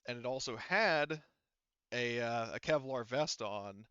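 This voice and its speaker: A man's voice: medium pitch, takes it slowly, pushed and bright, smooth, no room sound, highs cut off. A man running a tabletop game as game master, rambling through his descriptions with lots of fillers and restarts.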